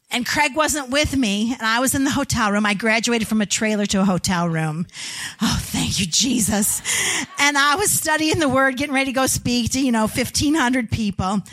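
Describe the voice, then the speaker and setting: Middle-aged woman speaker, high-pitched, earnest story-driven testimony for a women's event. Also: a bit bright. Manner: earnest storytelling, voices family members in quotes. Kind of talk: testimony sermon with prayer. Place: indoor gathering of women.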